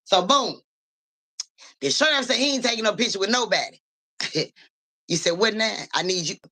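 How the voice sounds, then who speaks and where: Speaking directly to her live-stream audience, a young psychic reader tells a story in animated, cuss-laden everyday language. Her voice is mid-range and her pace moderate.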